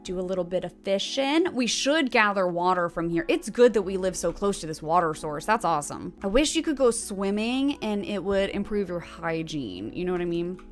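A woman streamer giving bubbly, chatty commentary while playing a life-sim game, often gasping with excitement and talking to her viewers. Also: on the low side, normal speed, few pauses, faint music behind. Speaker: gaming streamer. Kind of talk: casual gameplay commentary.

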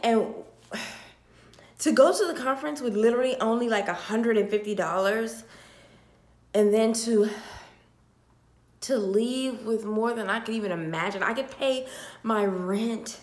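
A young woman talking tearfully to her phone camera, sighing and heartfelt, repeating herself as she goes from hushed to loud. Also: on the high side, a little slow, pauses often. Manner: heartfelt, repetitive, swinging between hushed and loud. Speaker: vlogger. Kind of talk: emotional talk to camera. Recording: roomy echo.

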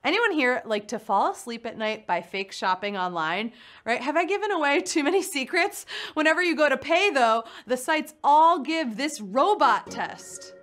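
A woman's voice: high-pitched, lively intonation, moderate pace, fairly bright tone. A young woman hosting a live quiz show, playful and punny, chatting with her players. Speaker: game show host. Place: studio in New York.

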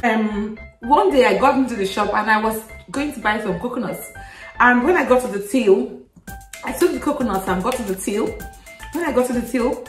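Woman, chatty vlogger, animated storyteller, fairly high voice, roomy echo, a bit off-mic. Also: normal speed, recorded from a distance. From Nigeria. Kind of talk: casual chat to camera. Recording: echoey room, faint music, off-mic.

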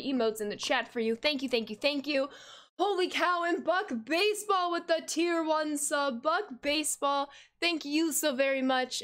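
High-voiced upbeat young woman streamer. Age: 20s. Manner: upbeat, effusive thanks to viewers. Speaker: video game streamer. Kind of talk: live-stream chat and game commentary.

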